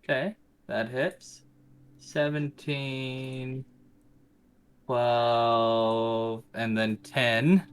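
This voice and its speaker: A man's voice: medium pitch, little pitch movement, drawn-out words, clean tone. A man playing a tabletop game, speaking in an easygoing, joking way. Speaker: player. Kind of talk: casual game chat.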